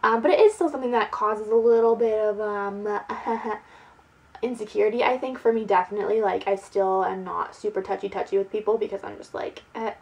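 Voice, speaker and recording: Young female vlogger, chatty and giggly, casual to-camera talk, mid-pitched. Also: fairly even intonation, normal speed, vocal fry, a little mellow, poor audio. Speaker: beauty vlogger. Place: at home, sitting indoors.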